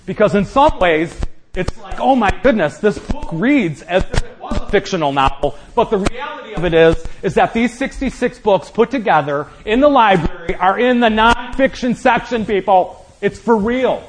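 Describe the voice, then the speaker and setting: A man's voice: sits high, expressive, moderate pace, slight background noise, rough recording. A man preaching a sermon as pastor, building up with rhetorical questions and acting out quotes.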